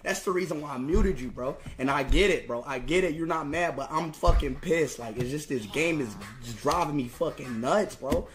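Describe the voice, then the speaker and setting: A man's voice: on the high side, normal speed, hardly any pauses, a crowd in the background. Young man ranting mid-game on stream. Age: young adult. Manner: frustrated ranting with heavy swearing and stammered restarts. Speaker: livestreamer. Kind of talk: live gameplay commentary.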